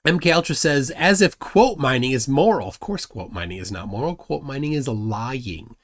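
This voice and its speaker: Speaking at a moderate pace in an animated, medium-pitched voice, a livestream host picks a combative argument. He ridicules his opponent and reads chat comments out loud.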